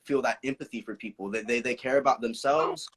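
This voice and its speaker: A young man who is a guest on a casual live podcast, speaking earnestly and from the heart, swearing often and jumping up in pitch when he tells a story. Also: a little fast, fairly bright tone, breathy edge. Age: young adult. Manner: earnest and heartfelt, profane, with sudden jumps in pitch when telling stories.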